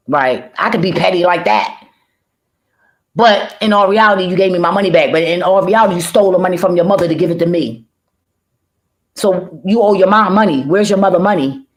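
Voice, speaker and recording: A woman's voice: mid-range voice, normal speed. Woman, vlogger, cursing, emphatic, rambling, casual rant. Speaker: reaction vlogger.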